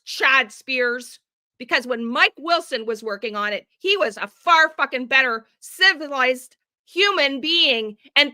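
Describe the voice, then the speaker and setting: A woman's voice: high-pitched, pushed and bright. An older woman hosting a true crime channel, angry and swearing heavily, sick with the flu and tired. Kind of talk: angry live video rant.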